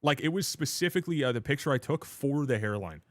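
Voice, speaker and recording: A man's voice: medium pitch, expressive, fast talker, no room sound. Joking young man rambling on stream. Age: 20s. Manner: joking, rambling, self-mocking. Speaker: livestream host. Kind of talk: casual livestream chat.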